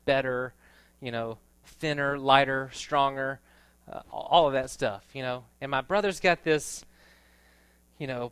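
A man preaching a sermon in a conversational storytelling way, rising to loud emphatic passages. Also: medium pitch, smooth, no echo. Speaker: pastor.

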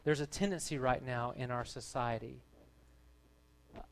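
A man's voice: medium pitch, normal speed, a little hiss or hum. A man, a pastor, delivering a sermon to his church in an earnest, conversational way. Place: church gathering.

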